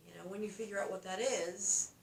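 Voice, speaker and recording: A woman co-hosting a spiritual podcast, talking in a reflective, unhurried and encouraging way. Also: mid-range voice, fairly even intonation, creaky, a little hiss or hum. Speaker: podcast co-host. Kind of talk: casual spiritual chat. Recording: roomy, distant mic, faint ambience.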